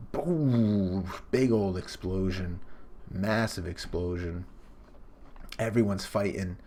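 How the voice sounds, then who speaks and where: A man reading a comic live for viewers, excited, exclaiming, loose and profane. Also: low voice, slow pace, slight background noise. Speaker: live reaction streamer.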